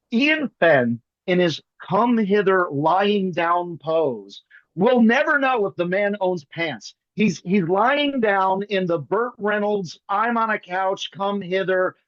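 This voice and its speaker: A man guest on a video call, riffing and joking fast with bits of mimicry. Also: high-pitched, sing-song, no room sound, dull audio. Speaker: guest magician. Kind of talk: comic banter on a video call.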